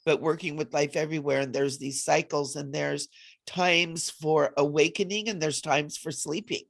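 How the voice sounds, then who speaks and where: A woman co-hosting a casual spiritual chat, playful and quick to laugh. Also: deep voice, gravelly. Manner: laughs often, playful and animated. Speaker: co-host.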